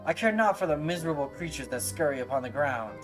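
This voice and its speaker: A man's voice: on the high side, animated, fast, over music, voice pushed up, natural voice. A man voicing a haughty noble dragon hunter from a game, reading his lines with theatrical loftiness.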